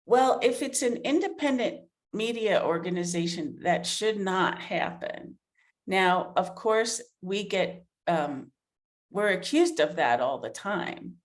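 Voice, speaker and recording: A middle-aged woman, an author and investigative journalist appearing as a guest, answers interview questions earnestly in a medium-pitched voice with lively intonation. She takes it slowly, thinking aloud with fillers and restarts.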